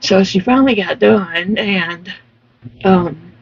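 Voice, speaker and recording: A woman's voice: medium pitch, slow pace, gravelly, highs cut off, slight background noise. A woman chatting casually while crocheting, telling her story emphatically and laughing often. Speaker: vlogger.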